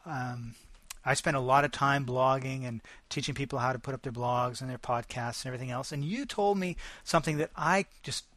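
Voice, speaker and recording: A man's voice: medium pitch, a little fast, a bit bright, dry recording. A man co-hosting a casual podcast, upbeat and friendly, asking his partner questions. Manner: friendly, upbeat interviewer with fillers. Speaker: podcast co-host.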